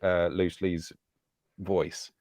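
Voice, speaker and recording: Brief: male co-host, low voice, easygoing storyteller, very dry close-mic sound. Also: level tone, slow, darkish tone, dry recording. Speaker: podcast co-host. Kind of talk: storytelling on a live podcast stream.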